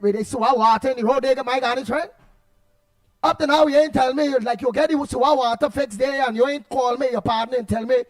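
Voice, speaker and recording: Trinidadian male radio host, very high pitch, animated and rambling. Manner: animated, repetitive, laughs often, loud outbursts. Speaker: radio talk show host. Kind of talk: casual radio chat reading listener comments.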